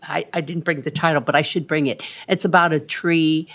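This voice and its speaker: A woman's voice: sits low, steady tone, a little fast, background noise. A woman in her sixties on the city council, giving a rambling, chatty report full of ums at a council meeting. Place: council chamber.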